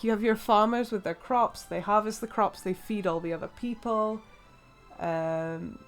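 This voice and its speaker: An English woman chatting through a gameplay session in a relaxed, rambling way. She talks with plenty of fillers and asides. Faint game music sits under her voice. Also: medium pitch. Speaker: let's play host. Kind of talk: casual gameplay commentary.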